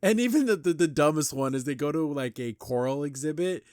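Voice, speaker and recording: A man's voice: on the high side, fairly quick, darkish tone, clear, resonant tone, no echo, clean studio sound. A man hosting a podcast, loosely recapping a cartoon episode with lots of "like" and restarts. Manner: loose retelling with frequent "like" and restarts. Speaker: podcast host.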